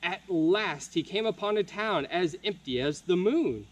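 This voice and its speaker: A young man reading a picture book aloud at a virtual campfire, slow and expressive. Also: high-pitched. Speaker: camp counselor.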